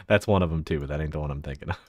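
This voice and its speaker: With a very deep, slightly mellow voice, a Central Texas livestreamer chats loosely while presenting his avatar model. He swears, laughs often and keeps fiddling with his settings. The recording is dry and studio quality.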